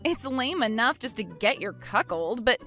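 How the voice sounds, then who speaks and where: A woman plays a smug young mistress, high and sing-song with wildly swooping pitch. She talks with a haughty, mocking giggle, a story-narration voice with faint music underneath. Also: sing-song, moderate pace, sharp tone, full character voice.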